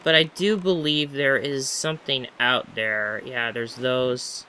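A man's voice: mid-range voice, steady tone, takes it slowly, bright, forceful tone, a little hiss or hum. A man giving casual let's-play commentary, chatty and rambling as he talks to himself while playing.

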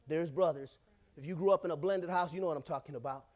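A man's voice: on the high side, fast talker, darkish tone. A male pastor preaching a sermon in church, in a casual, joking way, often calling out to the congregation.

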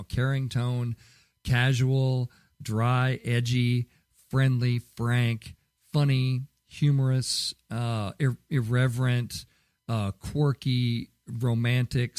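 A man's voice: medium pitch, darkish tone, dry recording, clean studio sound. A man hosting a podcast in casual solo talk, rambling with many fillers and restarts. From Southern California. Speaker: podcast host.

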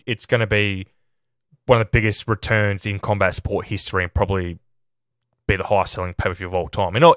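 Low-voiced man reviewing a film. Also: a bit bright, dry recording, studio quality. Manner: chatty and opinionated, often starts with "look". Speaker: film podcast host. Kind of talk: casual film review monologue.

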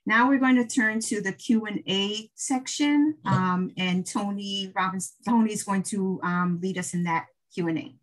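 A woman's voice: medium pitch, measured pace, few pauses, low-quality recording. A woman hosting an online panel event, politely thanking a speaker and handing over to the Q&A. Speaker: event host. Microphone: video call.

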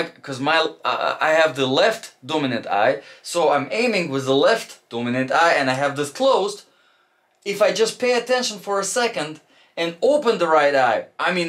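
Chatty man with a bright, sharp voice. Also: a little high. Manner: loose and chatty, with frequent fillers and restarts. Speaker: shooting instructor. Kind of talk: casual instructional talk.

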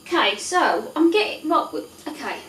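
High, chatty woman cooking at home. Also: big pitch swings, normal speed, fairly bright tone, a little hiss or hum. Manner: chatty, self-mocking, swears casually. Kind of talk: casual cooking vlog chat. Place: home kitchen with boiling pots. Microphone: camera set back across the kitchen. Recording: echoey kitchen from a distance.

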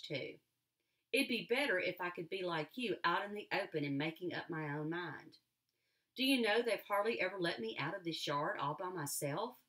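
A woman's voice: on the low side, fairly bright tone. Woman reading as a restless, wistful young girl. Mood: determined. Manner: earnest, pleading.

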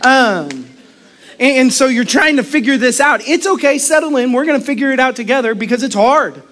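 A middle-aged man preaching a sermon as pastor, animated, acting out quotes and laughing often. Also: extremely high pitch, moderate pace.

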